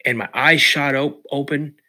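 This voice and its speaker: A man from the Pacific Northwest of the US, a podcast guest telling a personal story in an emotional, halting way. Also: medium pitch, fairly even intonation, sharp tone. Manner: emotional, halting retelling with restarts.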